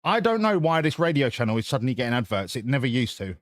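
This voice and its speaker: Brief: streamer, sarcastic and sweary, lively ups and downs, dry close sound. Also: male voice, mid-range voice, quick pace, no room sound. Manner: sweary, sarcastic, rambling, reads chat aloud. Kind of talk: casual live-stream chat.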